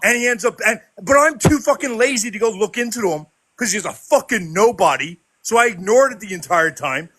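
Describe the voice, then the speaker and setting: A man with a very high, bright, sharp voice rants in an online voice chat. He shouts and swears nonstop, raging at the people he's angry with. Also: animated, a little fast, hardly any pauses, no echo. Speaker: regular on a debate stream. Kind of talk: furious online voice-chat rant.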